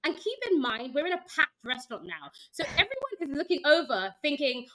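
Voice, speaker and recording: A woman app founder telling a story as a guest, with an expressive manner. She acts out the voices of the people she quotes and laughs easily. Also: high voice, fairly quick, few pauses, low-quality recording. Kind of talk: animated storytelling.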